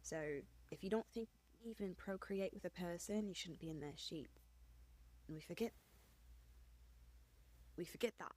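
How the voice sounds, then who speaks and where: A woman's voice: fairly low pitch, normal speed, long pauses, a little mellow. A woman in casual podcast chat, frank and opinionated, filling her talk with "like". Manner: opinionated, frank, heavy use of "like".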